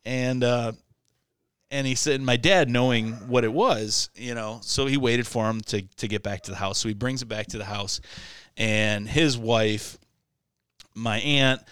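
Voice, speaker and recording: A man co-hosting a podcast, telling a story in a casual, animated, halting way. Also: medium pitch, clean tone, no room sound. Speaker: podcast co-host.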